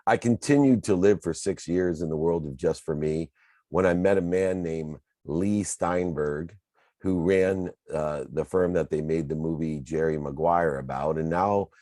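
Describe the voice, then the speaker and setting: Man, fifties, deep voice, motivational speaker, earnest confessional storytelling, dry close sound. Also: mellow, no room sound. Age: 50s. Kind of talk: personal storytelling talk.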